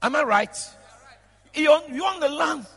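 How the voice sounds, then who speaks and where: A man, a bishop preaching a lively sermon in a large church, shouting out to the congregation and breaking into laughter. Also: very high voice, unhurried, gravelly. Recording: long reverb of a church hall.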